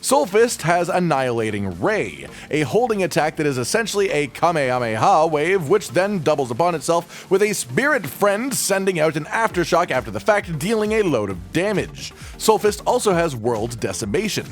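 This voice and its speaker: A man's voice: fairly high pitch, big pitch swings, moderate pace, soft background music. A man narrating a game guide voice-over in a casual, jokey way, with swearing asides.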